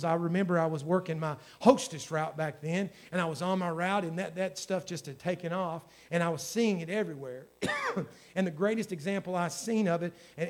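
A man's voice: high voice, darkish tone. A man, a pastor preaching a sermon in a folksy storytelling way that builds to fervent exhortation.

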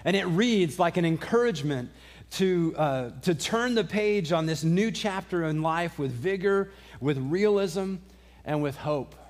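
A middle-aged pastor giving a sermon in a loose, conversational way, with frequent restarts and dry asides. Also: male voice, fairly high pitch, unhurried.

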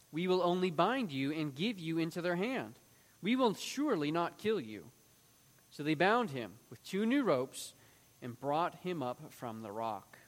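A man's voice: on the high side, in a large hall. A man teaching through a Bible passage, reading it aloud and acting out the quoted lines in a raised voice.

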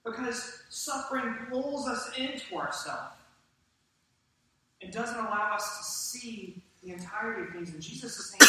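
A man preaching a sermon to his congregation with animated delivery and questions to the room. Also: sits high, moderate pace, distant mic. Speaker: pastor. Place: church sanctuary. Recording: echoey church hall from off-mic.

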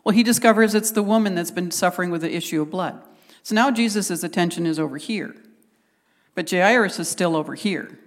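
A woman's voice: fairly low pitch, fairly quick, in a large hall. A woman preaching a conversational sermon, retelling scripture and acting out the quotes with animation.

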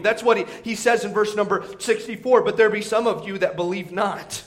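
Male preacher, very high-pitched, emphatic sermon delivery with frequent repeats. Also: fairly even intonation, brisk, few pauses. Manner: repeats words, emphatic, acts out crowd voices.

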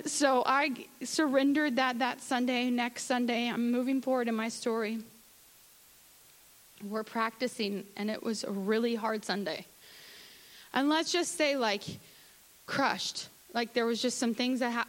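A woman's voice: a little high, steady tone, measured pace, poor audio. A woman giving a candid, conversational church testimony, acting out her own asides. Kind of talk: sermon testimony.

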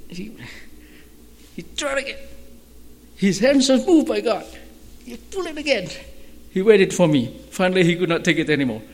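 Slow-talking male pastor in a reverberant hall. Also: sits high. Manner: animated storytelling, shouting at peaks. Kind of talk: sermon storytelling.

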